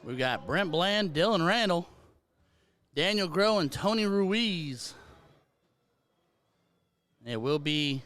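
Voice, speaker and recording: A man's voice: a little high, expressive, takes it slowly, long pauses, a bit bright. A man with an American accent calling a darts match live, chatty and out of breath, talking to his stream viewers. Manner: chatty, self-deprecating, talks to chat viewers. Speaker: darts commentator and stream host. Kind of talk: live play-by-play commentary.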